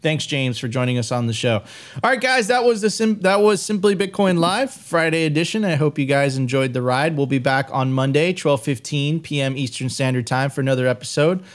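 A man's voice: on the high side, brisk. A man hosting a live stream show, chatting casually and hyping up viewers, with frequent restarts. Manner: upbeat, hype-style sign-off with frequent restarts. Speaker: host.

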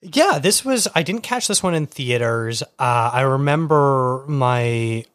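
Measured man, co-host, dry mic, mid pitch. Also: animated, a bit bright, dry recording. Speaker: podcast co-host. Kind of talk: casual chat.

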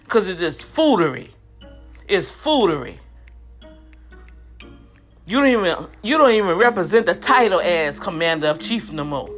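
A woman's voice: lowish voice, animated, unhurried, long pauses, a bit bright, faint music behind. A woman in her fifties giving heated, indignant commentary straight to her viewers, often repeating words as she gets worked up. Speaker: vlogger.

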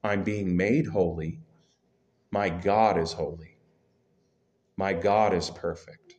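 A pastor with a low-sitting voice preaches slowly to his church congregation, keeping things relaxed and conversational with self-deprecating humor.

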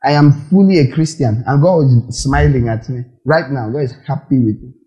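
A man preaching a sermon, animated and full of rhetorical questions to the audience. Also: medium pitch, moderate pace, highs cut off.

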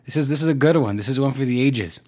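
A man's voice: medium pitch, fast, a little mellow. A young man hosting a solo podcast, ranting in a rambling, profane way with many restarts and fillers. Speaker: podcast host.

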